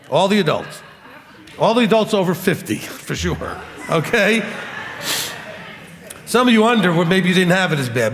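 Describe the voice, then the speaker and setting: Man in his 50s, high and expressive voice, blunt preacher who mimics others, reverberant hall. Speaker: teacher. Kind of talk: sermon-style teaching.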